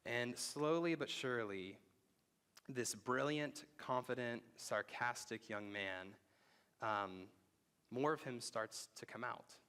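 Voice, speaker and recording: A man preaching a sermon as pastor, talking conversationally and dropping to a hushed voice for emphasis. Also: mid-range voice, slow pace, clear, resonant tone. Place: church sanctuary.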